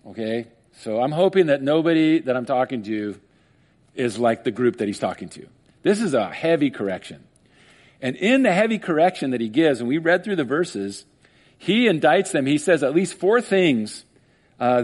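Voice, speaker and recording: Animated male preacher, higher voice. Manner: animated, acts out skeptics in mock voices, laughs often. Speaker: pastor. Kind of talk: sermon.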